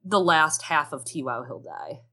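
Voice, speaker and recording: A woman co-hosting a podcast in casual chat, with a lowish voice that still sounds bright and forceful. She talks with animated sarcasm and swears freely. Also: unhurried. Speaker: podcast co-host. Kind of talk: casual book discussion chat.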